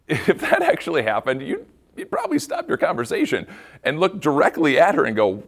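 Animated pastor with lively pitch. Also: male voice, fairly quick. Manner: animated storyteller, repeats words, playful asides. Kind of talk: devotional talk for kids and adults.

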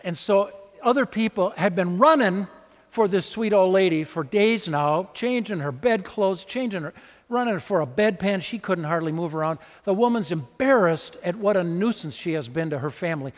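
A man's voice: high-pitched, animated, moderate pace, long reverb tail. A man preaching a sermon in a church, talking conversationally and acting out little scenes as he goes. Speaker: pastor.

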